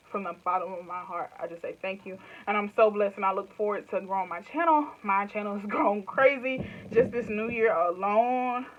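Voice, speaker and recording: A woman's voice: mid-range voice, muffled recording. A woman in her twenties with a Southern US accent, chatting casually to camera in loose, rambling phrases and laughing often. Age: 20s. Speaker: YouTuber. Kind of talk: casual direct-to-camera chat.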